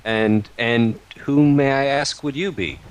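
A man's voice: mid-range voice, measured pace, smooth, pitched above the performer's own voice, close to an everyday voice. A man playing Druce, a sarcastic traveler. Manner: dry, mocking sarcasm. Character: wry, sarcastic male traveler.

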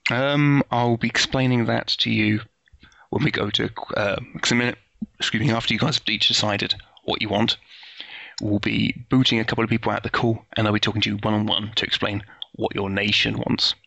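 Gravelly-voiced man running a tabletop game. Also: lowish voice, level tone, fairly quick, pushed and bright, no echo. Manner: explains at length with fillers and restarts. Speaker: game master. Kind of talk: casual tabletop game narration. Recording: lo-fi voice call audio.

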